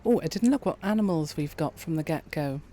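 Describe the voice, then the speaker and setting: A woman, quietly commentating a farming game and chatting with her viewers. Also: low-pitched, a little fast. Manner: quiet, relaxed, chats with viewers. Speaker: streamer. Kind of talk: calm gameplay commentary.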